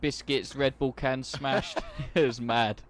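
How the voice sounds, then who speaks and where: A man's voice: mid-range voice, fairly even intonation, slow, slight background noise. A young man chatting while playing a farming game, joking and laughing through stories of his own accidents. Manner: jokey, laughing anecdotes. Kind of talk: casual gaming chat.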